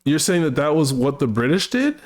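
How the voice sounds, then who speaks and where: A man's voice: fairly high pitch, sing-song, brisk. A man hosting a livestream, chatting casually, asking wry, skeptical questions and reading viewer comments aloud. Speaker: streamer host. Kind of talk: casual chat.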